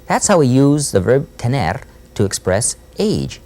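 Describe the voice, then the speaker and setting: A man teaching a Spanish lesson, repeating phrases slowly and prompting with little "Hmm?" checks. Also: mid-range voice, big pitch swings, darkish tone. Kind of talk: classroom language lesson.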